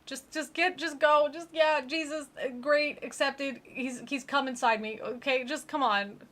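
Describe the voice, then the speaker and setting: A woman's voice: high-pitched, steady tone, a little slow, a bit bright, pitched above the performer's own voice. A woman voicing a dying young woman who pleads and sounds exasperated. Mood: desperate.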